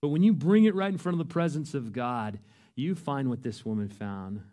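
A man preaching a sermon, earnest and emphatic, his voice rising to loud peaks. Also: mid-range voice, moderate pace. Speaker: pastor.

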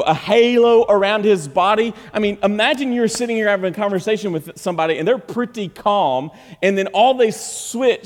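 A pastor delivers a sermon in a church sanctuary with a high, bright voice, moving between forceful, emphatic peaks and quiet, low asides. A long reverb from the large hall trails after his words.

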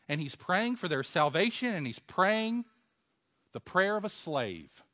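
A man's voice: fairly high pitch, big pitch swings, moderate pace. Man preaching with rhetorical questions. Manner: rhetorical questions, swinging from hushed to loud. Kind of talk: sermon.

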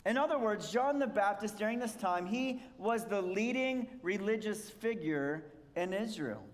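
Guy preaching w a pretty high voice, chatty explaining style, big echoey hall sound. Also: animated, unhurried. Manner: explanatory, conversational, asks rhetorical questions. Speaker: pastor. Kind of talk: sermon.

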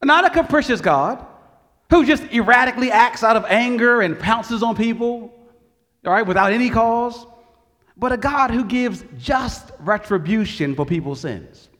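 A man's voice: very high voice, expressive, moderate pace, fairly bright tone, long reverb tail. A man preaching a sermon in earnest, lifting his voice on the quoted cries to God. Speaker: pastor.

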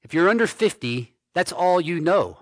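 A male pastor preaching a sermon slowly and emphatically, repeating key phrases. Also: high-pitched, very animated, fairly bright tone, no echo, studio quality.

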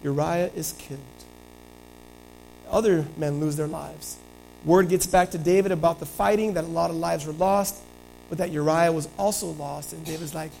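A man preaching a sermon, retelling scripture in animated storytelling that swings between loud and soft. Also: fairly high pitch, normal speed, vocal fry, faint music behind, rough recording.

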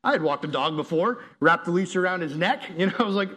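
A man's voice: high voice, fast talker, hardly any pauses, fairly bright tone. A young man from the United States giving a casual youth sermon, telling stories in a joking, slangy way. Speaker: youth pastor.

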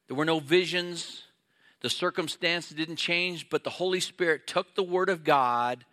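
A man's voice: on the high side, unhurried, sharp tone. A middle-aged male pastor preaching a sermon in an earnest, conversational way, acting out little quoted exchanges.

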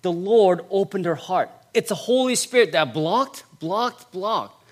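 A male pastor preaching a sermon, stressing points by repeating phrases and swinging between loud passages and hushed ones. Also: sits high, lively intonation, unhurried.

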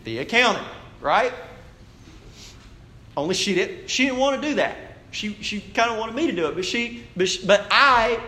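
Guy preaching a sermon, kinda high voice, chatty storytelling, church echo all around. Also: expressive, normal speed, bright, forceful tone, a little hiss or hum. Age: adult, married. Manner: conversational storytelling preaching, direct address to the congregation. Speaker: pastor. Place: church sanctuary. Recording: echoey church room.

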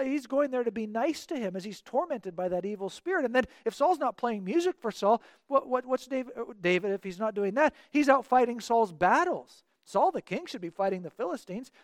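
High-voiced man teaching scripture. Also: sing-song, fairly quick, hardly any pauses, no echo, clean studio sound. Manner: earnest, explanatory, acts out quoted dialogue. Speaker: Bible teacher. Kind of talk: verse-by-verse Bible teaching.

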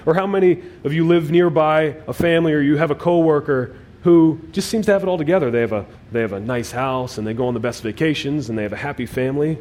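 A male pastor preaching a sermon, emphatic, with swings between loud and quiet phrases and frequent restarts. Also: on the high side, fast, hardly any pauses. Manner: repeats words as he restarts phrases.

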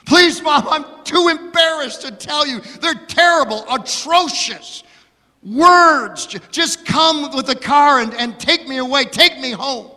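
A preacher putting on a sobbing young bride. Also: male voice, takes it slowly, bright, forceful tone, in a large hall, heavily acted. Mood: distraught. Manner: high pleading sobbing delivery. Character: weepy young newlywed bride, distraught.

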